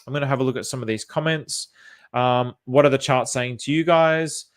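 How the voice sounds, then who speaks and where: An Australian man with a medium-pitched voice talks at a normal pace on a livestream, commenting on crypto charts. He thinks out loud, reacting to viewer comments with plenty of fillers and restarts.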